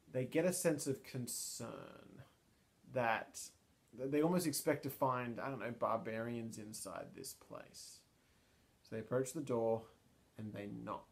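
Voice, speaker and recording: A man's voice: mid-range voice, gravelly. A man narrating a solo tabletop game, thinking aloud with many ums and restarts. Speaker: storyteller and player.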